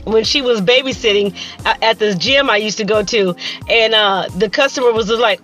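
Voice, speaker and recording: A woman in her fifties talks straight to her viewers in a lively, sassy monologue, slipping into voices for everyone she quotes. Her voice sits high and bright, with a forceful edge. Soft music plays faintly behind her. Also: fairly quick. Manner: animated and sassy, acts out quoted people. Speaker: vlogger. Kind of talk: casual storytelling monologue.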